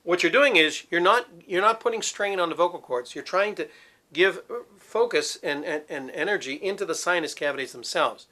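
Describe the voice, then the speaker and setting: Male voice teacher, middle-aged, bright ringing tone, slightly high voice, demonstrative and explanatory. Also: animated, a little fast. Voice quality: resonant, focused head voice. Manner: demonstrative, explains with sung examples. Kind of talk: vocal technique lesson.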